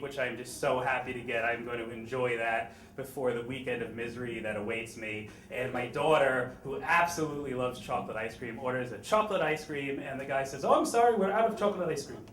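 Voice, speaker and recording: A man's voice: medium pitch, steady tone, moderate pace, hardly any pauses, fairly bright tone, reverberant, a little hiss or hum. A man telling a wry, self-deprecating story on stage at a live story slam into a microphone.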